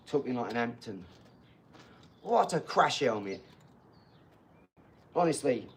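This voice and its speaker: There's a faint hiss or hum behind a man's mid-range voice. In his 40s, he answers viewer comments during a casual livestream chat, blunt in tone, often swearing and laughing.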